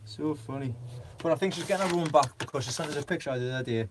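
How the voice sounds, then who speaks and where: A man's voice: on the high side, quick pace, background noise. A man chatting on a gardening live stream, rambling with lots of fillers and frequent giggles. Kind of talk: casual live stream chat.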